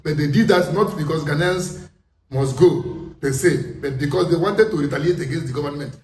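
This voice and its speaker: A man with a Nigerian accent delivering an impassioned political monologue, forceful and full of rhetorical questions. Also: a little high, fairly quick. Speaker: commentator. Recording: echoey room, distant mic, faint noise.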